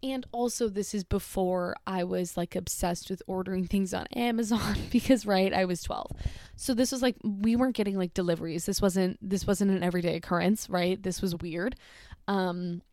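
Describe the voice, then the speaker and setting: A young adult woman telling a personal story in a casual, chatty way, with "like" running through every sentence. She sounds animated and engaged, with a mid-range voice. The recording is dry and close, with almost no room sound. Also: mid-range voice, normal speed, no room sound. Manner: chatty, heavy use of "like", animated retelling.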